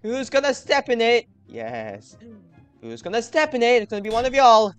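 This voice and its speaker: A man's voice: very high voice, moderate pace, clear, resonant tone, faint music behind. A young man commentating his gameplay with lots of energy, talking straight to his viewers. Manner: energetic, talks to viewers, hypes himself up. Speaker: gaming video host.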